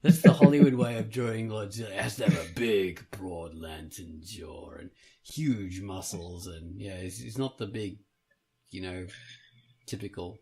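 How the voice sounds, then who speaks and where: A man's voice: lowish voice, a little slow, crowd noise. A man hosting a casual podcast chat, rambling and swearing freely. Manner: rambling, swears and laughs while talking. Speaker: podcast host.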